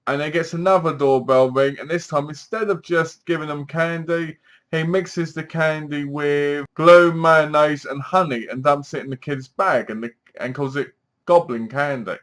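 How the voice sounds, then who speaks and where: A man at an ordinary middle pitch, talking through an episode review. He is casual and chatty, and he recaps the plot with lots of "basically". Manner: chatty, keeps saying "basically".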